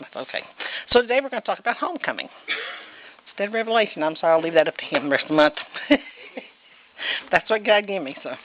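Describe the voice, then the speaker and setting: A woman's voice: mid-range voice, lo-fi sound. A woman preaching a casual, folksy sermon, chatty and rambling, with self-deprecating laughs. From Indianapolis, United States. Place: church sanctuary.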